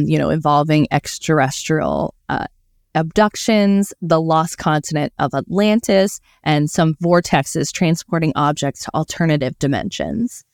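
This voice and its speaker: A woman co-hosting a casual podcast, telling a mystery story in a chatty way. Her voice is low and smooth, with a lot of "um" and small restarts. The sound is close and dry, with no room around it. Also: a little mellow, no room sound. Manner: chatty, many fillers and self-corrections. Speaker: podcast co-host.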